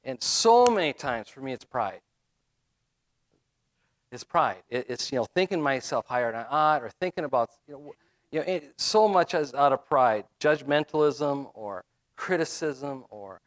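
A man's voice: medium pitch, animated, normal speed. A middle-aged man giving a conversational sermon as a minister, with frequent fillers and restarts.

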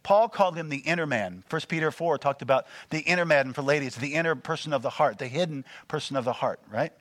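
A man preaching a sermon, animated and full of call-and-response questions to the congregation. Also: on the high side, fast talker, no echo. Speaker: pastor.

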